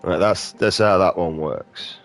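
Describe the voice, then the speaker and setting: A man's voice: low voice, a little slow, a bit bright, faint music behind. A British man giving casual, profane, ranting commentary while playing a video game. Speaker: gaming streamer. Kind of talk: casual commentary over gameplay.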